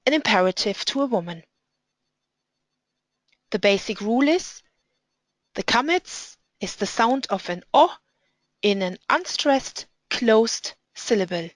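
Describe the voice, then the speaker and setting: A woman teaching how to pronounce words, reading examples aloud slowly and carefully and explaining the rules between them. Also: mid-range voice, no echo.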